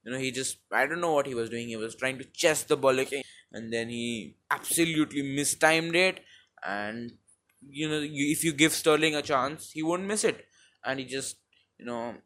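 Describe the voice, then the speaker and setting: A young man from India with an Indian English accent, rambling through a casual football recap with many fillers and restarts on a low-quality home mic. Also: a bit bright. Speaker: football vlogger. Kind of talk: casual match recap monologue.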